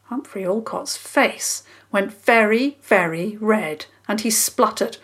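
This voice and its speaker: A woman calmly narrating a children's story in a measured, scripted reading. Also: mid-range voice, husky.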